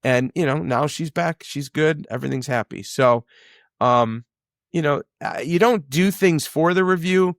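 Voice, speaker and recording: Rambling storytelling business owner. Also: male voice, a little high, a little slow, no room sound, clean studio sound. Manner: rambling storyteller, many fillers, acts out quotes. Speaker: business owner, podcast guest. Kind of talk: casual conversation.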